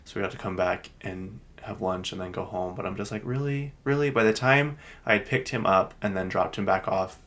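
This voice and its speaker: A man's voice: deep voice, completely flat delivery, brisk, hardly any pauses, fairly bright tone. A young man chatting casually on a podcast, telling stories in a rambling way and launching into exasperated rants. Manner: chatty storytelling, exasperated rants with mock-indignant quoted outbursts. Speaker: podcast co-host. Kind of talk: casual chat.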